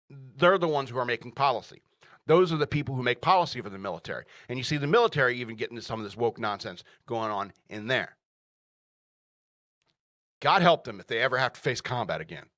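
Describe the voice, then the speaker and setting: A man's voice: mid-range voice, pushed and bright, no echo, clean studio sound. A man hosting a radio show, ranting through the news with sarcastic, mocking asides and frequent laughter.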